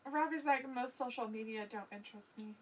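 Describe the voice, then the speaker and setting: A woman's voice: a little high, a little fast, a little hiss or hum. A woman co-hosting a casual live stream, reading viewer comments aloud and laughing often. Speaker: co-host of a wrestling watch-along stream. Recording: voice somewhat far from the mic.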